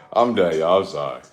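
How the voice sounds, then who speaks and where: Man, 30s, live-stream host, low voice, rambling and playful, laughs a lot, echoey room, faint music. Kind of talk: casual live-stream chat.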